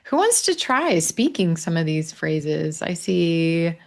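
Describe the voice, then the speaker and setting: A man with a Missouri accent teaching English pronunciation in a live online class, modeling phrases slowly for learners to repeat. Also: fairly high pitch, very animated, vocal fry. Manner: slow, drawn-out model phrases. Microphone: video call.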